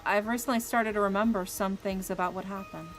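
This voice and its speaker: A woman's voice: mid-range voice, fairly even intonation, fairly quick, soft background music, natural voice, rough recording. A woman reading an earnest troubled young man. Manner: earnest, serious.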